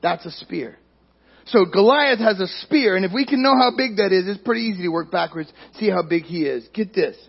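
A man's voice: high voice, expressive, quick pace, creaky, few pauses, slightly rough, highs cut off. A man preaching a sermon in a conversational way, putting questions to his congregation. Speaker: pastor.

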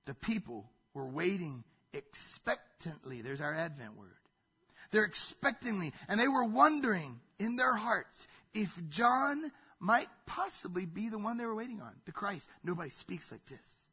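A man delivers a sermon with a high, bright voice and a husky edge. He preaches emphatically and conversationally, often dropping to a hush. The recording is dull and lo-fi. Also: big pitch swings, measured pace.

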